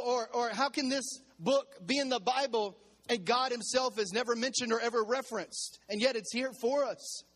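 A male pastor preaches to his church in a fairly high voice. He calls on the congregation to answer back, and he repeats and restarts phrases as his delivery builds in intensity. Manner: preaching with call-and-response to the congregation. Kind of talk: sermon.

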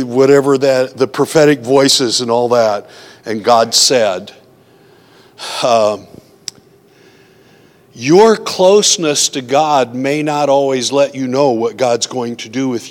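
A preacher with an ordinary mid-range voice delivers a slow, earnest, conversational sermon, recorded with the long reverb of a hall. He shares personal stories and voices his own anxious thoughts in quotes, acting out his inner voice.

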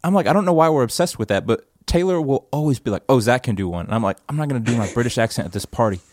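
A man hosting a casual podcast chat from a church office, laid-back and self-deprecating, often trailing off into quiet asides. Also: medium pitch, animated, racing, no echo, clean studio sound. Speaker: podcast host.

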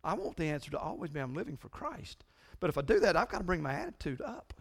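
A middle-aged man preaching a sermon to his congregation as their pastor, earnest and confessional, urging a quiet crowd to wake up. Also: on the high side, big pitch swings, quick pace, gravelly. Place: church sanctuary.

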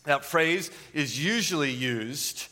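Male pastor, higher voice, emphatic sermon delivery with rhetorical questions, long hall reverb. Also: expressive, slow, sharp tone.

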